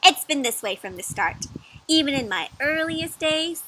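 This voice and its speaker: A woman's voice: high-pitched, lively intonation, slight background noise, pitched above the performer's own voice. A woman voicing a cheerful, helpful male egg who is proud of being good, in a children's storybook read-aloud, eager and emphatic. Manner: bright, eager, slow emphatic delivery.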